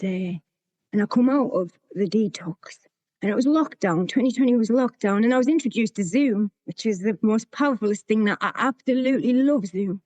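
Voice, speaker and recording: A woman's voice: mid-range voice, warm tone, dry recording. A woman, telling her own recovery story to a meeting in a candid, plain-spoken way. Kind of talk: sharing a personal recovery story.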